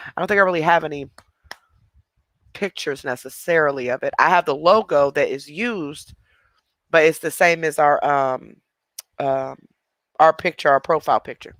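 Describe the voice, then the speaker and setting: A man's voice: fairly high pitch, normal speed, long pauses, a bit bright, no echo. A man hosting a livestream, chatting casually with viewers and laughing often. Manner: chatty, laughing, responding to chat. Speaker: livestream host.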